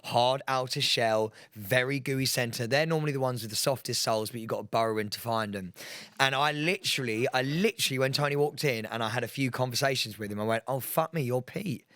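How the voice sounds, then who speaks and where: Excitable man telling stories. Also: mid-range voice, quick pace, dry recording. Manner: energetic, laughs while telling stories, acts out quotes. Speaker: podcast co-host.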